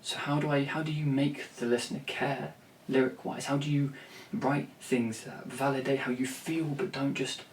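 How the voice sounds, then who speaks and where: A man's voice: medium pitch, fairly even intonation, moderate pace, hardly any pauses, slight background noise. A man rambling to camera about songwriting, blunt and swearing freely, with many restarts. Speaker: songwriter and vlogger. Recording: roomy, distant from the mic, faint ambience.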